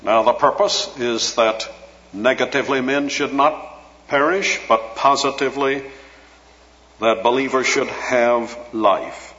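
A man delivers a sermon in a measured, teacherly manner, drawing out key phrases for emphasis. His voice sits at an ordinary middle pitch. The recording is dull and lo-fi, with a long reverb trailing off the walls of a large hall. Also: fairly even intonation, bright, forceful tone. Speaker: preacher. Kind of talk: expository sermon.

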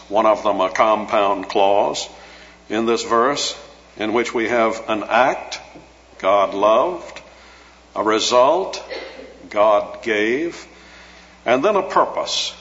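A man preaching an expository sermon in a measured, teacherly way, slowing down to stress key words. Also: fairly low pitch, lively intonation, fairly bright tone. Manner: measured, teacherly, slows for emphasis. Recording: dull lo-fi audio in a reverberant hall.

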